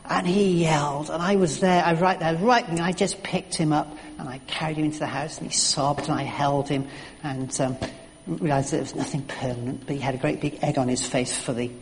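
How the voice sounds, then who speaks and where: A man's voice: fairly high pitch, steady tone, a little fast, big-room sound. A middle-aged man preaching a sermon in an earnest, story-telling way, with frequent restarts and fillers.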